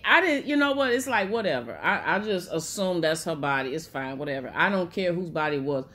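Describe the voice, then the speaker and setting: A woman's voice: lowish voice, expressive, brisk, fairly bright tone. A woman vlogger chatting casually about movies in an emotional, gushing way. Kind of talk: casual movie-recommendation vlog.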